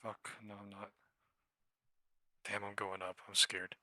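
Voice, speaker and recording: A man streaming his live day trading, muttering profanely and anxiously to himself, with sudden shouts away from the microphone. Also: on the low side, monotone, a little slow, dry recording.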